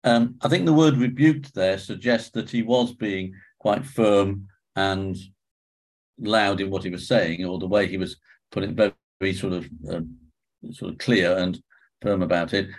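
A man leading a Bible study group discussion, talking with frequent ums, restarts and throat-clearing. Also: low-pitched, fairly even intonation, moderate pace.

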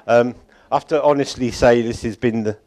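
A man's voice: mid-range voice, fairly even intonation, brisk, a little mellow. A man giving an informal, rambling closing address at a church conference. He chuckles often and keeps correcting himself. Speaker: conference organiser addressing congregation.

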